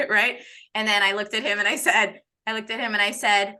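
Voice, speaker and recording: A woman in her thirties hosting a casual conversation, an animated storyteller who laughs and acts out dialogue. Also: medium pitch, brisk. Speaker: host.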